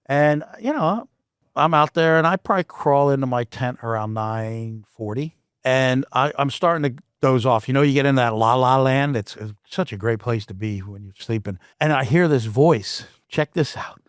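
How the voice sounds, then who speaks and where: A man's voice: medium pitch, moderate pace, clear, resonant tone, no room sound. Guy on his podcast telling a story, keeps restarting, mid voice, dry close sound. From Canada. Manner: animated, with frequent restarts and asides. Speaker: podcast host. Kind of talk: casual storytelling.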